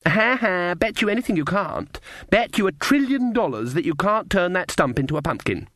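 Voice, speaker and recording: Man reading as a little girl, cheeky and insistent, high piping voice, storybook. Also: very animated, moderate pace, a bit bright, no room sound, clean studio sound, heavily acted. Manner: bold, teasing, insistent. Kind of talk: audiobook character voice.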